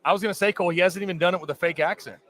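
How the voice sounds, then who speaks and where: A man with a slightly high voice co-hosting a sports talk show. He keeps it loose and conversational and trades takes with his partner. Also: fairly even intonation, very fast, a bit bright, no room sound. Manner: conversational, loose, with fillers and restarts.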